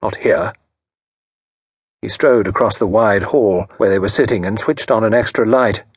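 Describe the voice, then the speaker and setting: A man narrating an audiobook in a measured, expressive storytelling manner. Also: lowish voice, slightly rough, no room sound, studio quality. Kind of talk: scripted narration.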